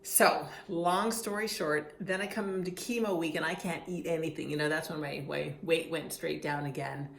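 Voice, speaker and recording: Woman, middle-aged, gravelly low voice, chatty storytelling, echoey room. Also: fairly even intonation, normal speed, hardly any pauses, slight background noise. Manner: chatty, laughing, many restarts and fillers. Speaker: patient telling her story. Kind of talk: casual storytelling vlog. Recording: echoey room with faint ambience.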